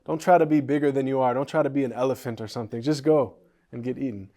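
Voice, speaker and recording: A man's voice: mid-range voice, fairly even intonation, fast talker, warm tone, lightly acted. A man voicing a crowd of frightened jungle animals who impatiently dismiss the hare. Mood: dismissive. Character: fearful jungle animals speaking together.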